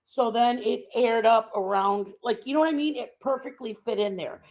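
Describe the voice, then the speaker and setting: A woman's voice: fairly high pitch, normal speed, a little mellow. A woman in her fifties from the United States, chatting casually and rambling to her viewers on a live stream. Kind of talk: casual chat.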